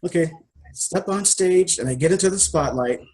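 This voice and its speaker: Man guest, higher voice, expressive, emotional storyteller who acts out scenes. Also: normal speed, a little hiss or hum. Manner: animated and emotional, acts out his own dialogue. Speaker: life coach and interview guest. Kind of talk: personal storytelling in a conversation.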